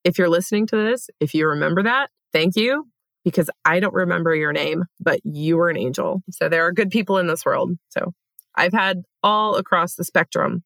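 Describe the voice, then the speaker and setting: Young woman co-host, low-pitched, frank and profane, dry studio mic. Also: moderate pace, vocal fry, a bit bright, no echo. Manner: candid, swears freely. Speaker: podcast co-host. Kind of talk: casual chat.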